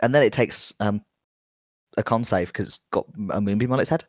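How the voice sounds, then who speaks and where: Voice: mid-range voice, moderate pace, dry recording, studio quality. A game master narrating a tabletop game in a playful, chuckling way.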